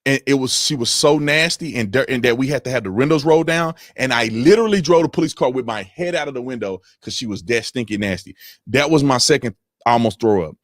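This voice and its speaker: A man in his thirties hosting a casual livestream from home, reading viewer comments and telling stories with lively, animated delivery. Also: dry recording, clean studio sound. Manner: animated storytelling, voice jumps high when excited. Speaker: livestream host reading super chats.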